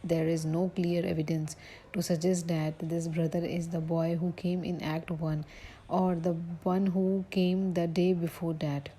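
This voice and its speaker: Flat-voiced woman reading a literature lecture. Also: fairly low pitch, slightly rough, low-quality recording. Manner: reads haltingly, with slips and self-corrections. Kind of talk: recorded lecture reading from notes.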